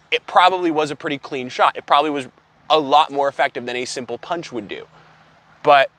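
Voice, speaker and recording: A young man telling an absurd story as an exasperated, profane, deadpan comedy rant. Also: medium pitch, dry recording. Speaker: comedic vlogger.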